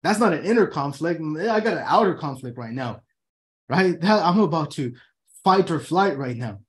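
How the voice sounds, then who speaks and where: A man's voice: on the high side, animated, normal speed. A man hosting his own talk show from his room, talking casually and animatedly, swearing freely and acting out people's inner thoughts. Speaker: host.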